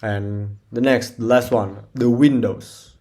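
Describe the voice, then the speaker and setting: A man, a non-native English speaker, presenting a poem analysis for class, halting often with fillers and restarts. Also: medium pitch, fairly even intonation, darkish tone. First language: Indonesian. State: short of breath.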